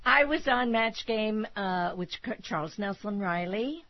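A woman's voice: medium pitch, animated, unhurried. An older woman, a comic actress guesting on a radio talk show, telling chatty stories and slipping into impressions. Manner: chatty storyteller who slips into comic impressions. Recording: slightly muffled radio broadcast with faint music.

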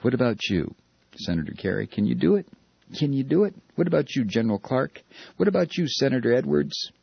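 A man's voice: mid-range voice, very animated, brisk, vocal fry, breathy edge, dry recording, muffled recording. A man hosting a talk radio show, delivering a heated, sarcastic opinion monologue.

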